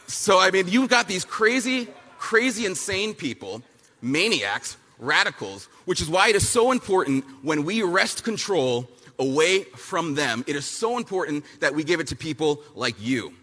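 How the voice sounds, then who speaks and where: A man giving a punchy, fiery speech at a youth summit. He repeats lines for effect and mocks people with quick impressions. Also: fairly high pitch, very animated, sharp tone. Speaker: speaker at a youth political summit. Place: large hall at a summit, with an audience. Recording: big hall with long reverb and a faint crowd.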